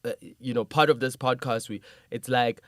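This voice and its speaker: A man's voice: medium pitch, fairly even intonation, normal speed, no room sound. A man hosts a podcast, his voice sitting in a middle range and sounding close and dry. He talks earnestly and reflectively, hammering his points home by repeating them. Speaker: podcast host. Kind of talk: casual conversational interview.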